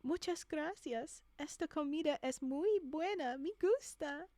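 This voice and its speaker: A woman's voice: high-pitched, noisy background, lightly acted. A woman reading as a nervous awkward stepdad. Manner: careful, halting. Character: nervous awkward stepfather, middle-aged man.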